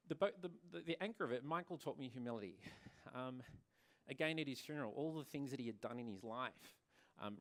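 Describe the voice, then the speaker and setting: A man who owns a hair salon, giving an earnest talk to a conference audience and often repeating words as he restarts. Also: medium pitch. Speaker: salon owner and presenter. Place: conference venue.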